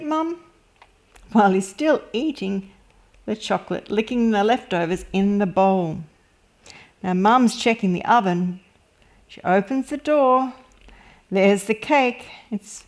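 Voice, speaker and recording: A woman reads a picture book aloud for young children, taking her time over every line. Her delivery is gentle and expressive, at an unhurried pace and an ordinary middle pitch. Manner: slow, gentle, expressive storytelling. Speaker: children's story reader.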